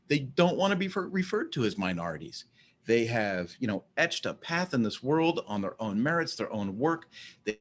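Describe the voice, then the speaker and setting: A man in a casual monologue, rambling and often repeating words as he starts a sentence. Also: mid-range voice. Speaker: vlogger.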